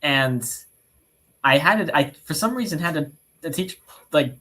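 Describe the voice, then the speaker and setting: A man's voice: a little high, lively intonation, moderate pace, sharp tone, slightly rough. Rambling, self-mocking young man. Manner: rambling, laughs often, self-deprecating. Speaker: robotics team streamer. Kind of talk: casual livestream chat.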